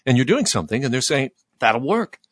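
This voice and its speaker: A man's voice: mid-range voice, very animated, a little fast, no echo, studio quality. A man hosting an interview who encourages his guest and sums up his points. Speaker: interview host. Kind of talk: conversational interview.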